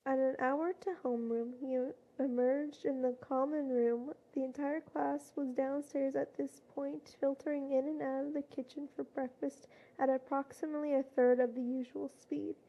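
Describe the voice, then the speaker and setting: High-voiced woman reading fanfic out loud, kinda gravelly and mellow, dull lo-fi sound. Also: level tone, normal speed, hardly any pauses. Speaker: fanfiction reader. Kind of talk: reading a fanfiction story aloud.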